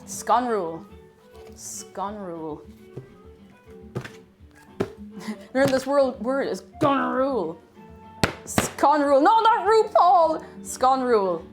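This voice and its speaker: A woman's voice: a little high, expressive, very slow, pauses often, faint music behind. A woman with an Irish accent casually chatting with her livestream viewers while baking, playfully greeting them by name. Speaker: livestream host.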